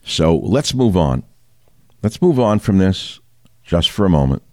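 A man's voice: low-pitched, sing-song, unhurried, a little mellow, no echo, studio quality. A man hosting a talk show, delivering combative, indignant news commentary and firing rhetorical questions at the listener. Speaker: talk radio host.

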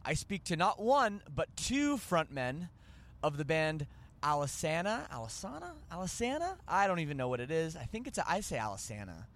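Chatty man as podcast host, a bit high-pitched, loose and self-correcting. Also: big pitch swings, normal speed, a bit bright. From Canada. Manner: rambling, joking, self-correcting. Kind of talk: casual podcast chat.

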